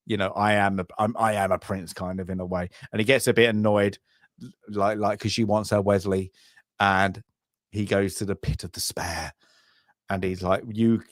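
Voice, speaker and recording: A man co-hosting a film review podcast in casual chat, rambling and trailing off, then breaking into loud shouted impressions. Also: on the low side, no room sound, studio quality. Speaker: podcast co-host.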